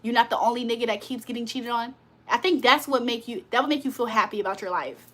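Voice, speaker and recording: A woman's voice: on the high side, quick pace, fairly bright tone. A woman hosting a casual livestream, talking to her viewers in a blunt, profane, confrontational way. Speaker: livestream host. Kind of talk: casual live chat to viewers.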